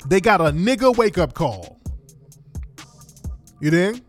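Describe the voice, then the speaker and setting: Man, high voice, livestream rant, blunt, keeps repeating himself, faint music under it. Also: lively intonation, normal speed, long pauses. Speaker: livestream commentator. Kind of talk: casual livestream commentary.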